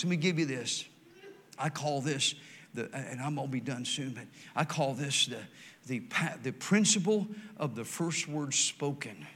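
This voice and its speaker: An older man preaching, telling folksy stories and swinging from loud emphatic lines to quiet, slow ones. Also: mid-range voice. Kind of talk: sermon.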